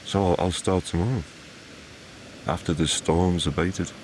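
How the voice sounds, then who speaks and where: A man voicing a lone, blunt seal hunter who exclaims in a raised, excitable voice. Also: sits low, measured pace, slight background noise. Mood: incredulous. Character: Angus, a lone middle-aged male seal hunter, blunt.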